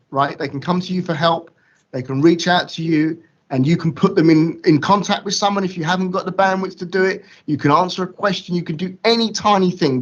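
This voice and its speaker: A man gives a fired-up motivational speech and drives his points home by repeating them in slangy, emphatic bursts. His voice sits fairly high for a man. The audio comes through a dull, lo-fi video call. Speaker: guest speaker. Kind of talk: impassioned motivational talk.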